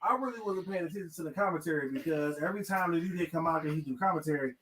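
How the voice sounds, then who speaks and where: A woman's voice: on the low side, very fast, a bit bright, low-quality recording. A woman co-hosting a casual wrestling aftershow, laid-back, mostly giving brief agreeing replies. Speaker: co-host.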